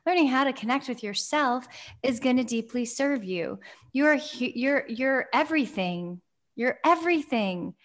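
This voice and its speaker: Young woman podcast co-host, effusive and emphatic, voice a bit high. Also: lively intonation, a little slow. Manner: effusive, emphatic, repeats phrases. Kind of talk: casual chat.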